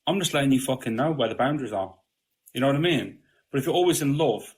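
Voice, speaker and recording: A man talks in a casual spiritual conversation, blunt and full of swearing. His pitch sits in an ordinary middle range. He keeps checking in with the listener. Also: animated, quick pace, darkish tone. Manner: blunt, swears freely, repeats "you know what I mean". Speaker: podcast guest.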